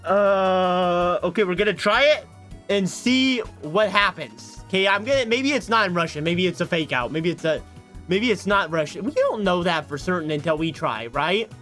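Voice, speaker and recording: A man's voice: high voice, expressive, moderate pace, a bit bright, soft background music. A man livestreaming in casual chat, talking to his viewers in a self-mocking way from his home setup into a desk microphone. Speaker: streamer.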